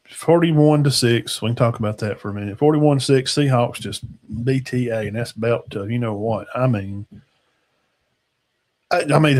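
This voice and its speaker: A man, hosting a casual football talk show in a rambling, folksy way that trails off into mumbles. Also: medium pitch. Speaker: sports talk show host.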